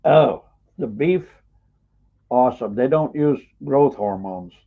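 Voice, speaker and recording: A man's voice: medium pitch, animated, slow pace, vocal fry. An older man, an author and historian, telling rambling, emphatic anecdotes as an interview guest, with frequent uhs and mild cursing. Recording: tinny phone-like call audio.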